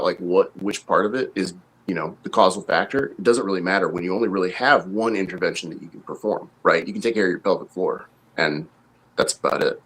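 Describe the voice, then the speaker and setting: A man with a very low voice, co-hosting a casual podcast as a coach. He explains things at length, thinking aloud with fillers and restarts. His tone stays conversational and informal. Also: fairly bright tone, poor audio.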